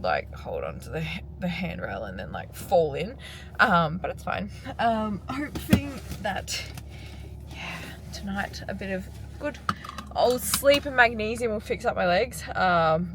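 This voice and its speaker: Australian woman in her twenties, vlog chat, gravelly voice, noisy background. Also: on the low side. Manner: chatty, rambling with many ums. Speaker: vlogger. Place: in her car.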